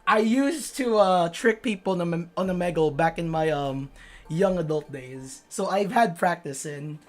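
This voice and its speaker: A woman's voice: lowish voice, moderate pace. A woman in her twenties streaming a game, chatting casually and playfully, with lots of fillers and frequent swearing. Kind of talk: casual gaming stream commentary.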